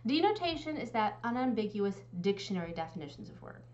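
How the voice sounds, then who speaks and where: A woman instructor giving a recorded lecture with a clear, explanatory teaching manner. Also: mid-range voice, sing-song, a little fast, a little mellow, highs cut off.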